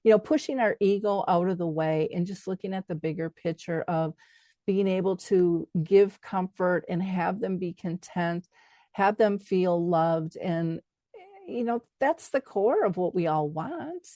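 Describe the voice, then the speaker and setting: A middle-aged woman hosts a podcast interview, affirming her guest and earnestly sharing a family anecdote in a conversational way. Her voice sits on the low side and is warm and unhurried, captured in a dry recording.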